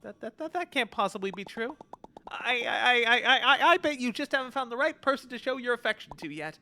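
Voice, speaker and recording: A man's voice: very high-pitched, expressive, fairly quick, bright, forceful tone, pitched above the performer's own voice, heavily acted. A man voicing a small, timid young hermit crab hero who stammers nervously in a video game.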